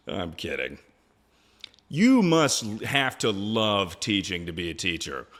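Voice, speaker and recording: A man with a fairly low voice hosts his own livestream and talks straight into a streaming mic. His delivery is loose and joking, and he swears freely as he reacts to his chat. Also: sing-song, slow, long pauses, a bit bright. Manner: loose, joking, swears often, drawls "dude".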